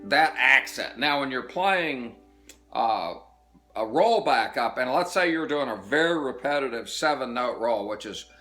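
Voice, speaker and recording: A man teaching banjo in a slow, halting, casual way, pausing to count out roll patterns. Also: mid-range voice, animated, music in the background. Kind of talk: casual instructional talk. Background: banjo playing.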